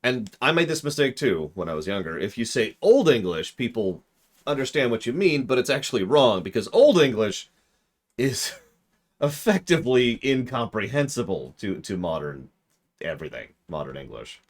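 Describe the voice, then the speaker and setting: A man's voice: mid-range voice, big pitch swings, moderate pace. A man streaming a video game in casual commentary, rambling, breaking off mid-sentence and answering chat.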